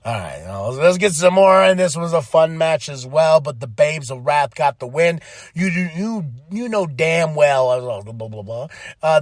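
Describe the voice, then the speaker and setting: A man hosting a podcast, recapping in casual, excitable and rambling talk with some swearing. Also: mid-range voice, dry recording. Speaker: podcast host.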